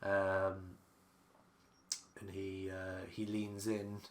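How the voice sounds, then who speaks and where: A man's voice: sits low, completely flat delivery, drawn-out words, a little hiss or hum. A man narrating a tabletop game as game master, describing things in a rambling way with many ums and restarts.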